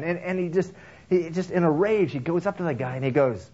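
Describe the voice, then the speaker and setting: A man preaching a sermon in a conversational way, halting with restarts and fillers, acting out characters' voices as he tells a story. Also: highs cut off. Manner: acts out characters' lines with lively swings in pitch. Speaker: pastor.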